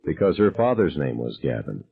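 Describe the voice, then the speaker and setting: A man voicing a terrified middle-aged teacher who answers in a low, faltering stammer. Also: very animated, normal speed, gravelly, breathy edge, exaggerated voice. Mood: cowering. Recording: dull lo-fi sound.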